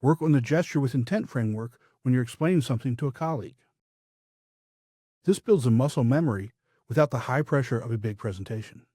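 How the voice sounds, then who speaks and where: A man coaching public speaking in a scripted podcast, with a measured, emphatic delivery and firm downward endings. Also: mid-range voice, warm tone, slightly rough, no echo, clean studio sound.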